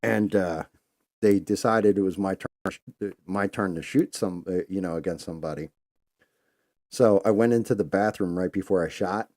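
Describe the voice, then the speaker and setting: A man's voice: sits low, normal speed, a little mellow. A man hosting a live stream, telling loose, rambling stories in a casual, conversational way. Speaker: host.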